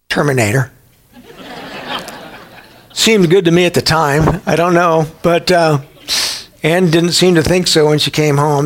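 A man's voice: on the high side, fairly even intonation, normal speed, long pauses. A middle-aged man preaching a Bible teaching sermon in a conversational way, sometimes acting out quoted voices. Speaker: pastor.

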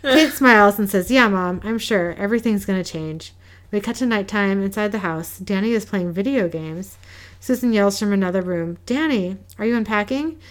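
A woman casually recapping an episode as a podcast co-host, reading the characters' lines in a flat, low-key way. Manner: reads quoted lines in a flat, low-key way with small laughs.

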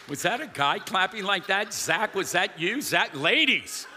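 A man preaching a sermon as pastor, calling to the congregation and rising to shouts. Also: high voice, slight background noise. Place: large church hall. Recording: long hall reverb.

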